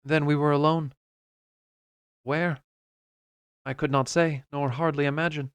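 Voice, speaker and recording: Smooth, crisp male audiobook narrator. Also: on the high side, flat delivery, a little slow, dry recording. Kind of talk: first-person novel narration.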